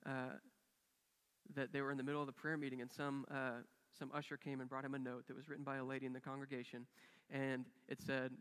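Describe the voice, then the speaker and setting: A man's voice: medium pitch, completely flat delivery, quick pace, fairly bright tone, smooth, big-room sound. A man preaching a sermon as a pastor, telling a story earnestly and acting out the quoted dialogue with rising and falling intensity. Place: church sanctuary.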